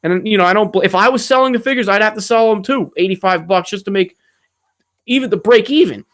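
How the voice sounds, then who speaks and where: A channel host answers viewer questions on a casual livestream Q&A, speaking fast in a high, somewhat bright voice through a streaming setup mic. He reads the questions in a rambling, profane, ranting way.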